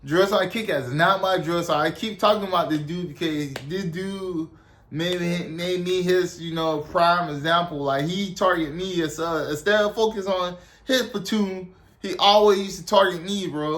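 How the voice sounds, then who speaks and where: A man's voice: high-pitched, normal speed, a bit bright. A young man from South Carolina, telling a story casually and rambling with lots of "like" and "you know". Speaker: storyteller, army veteran.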